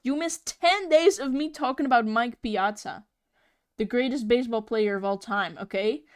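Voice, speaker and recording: A woman's voice: fairly high pitch, moderate pace, clean tone, no room sound, studio quality. A young woman live-streaming as she draws, chatting casually in a giggly, rambling, playfully exasperated way. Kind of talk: casual live-stream chat while drawing.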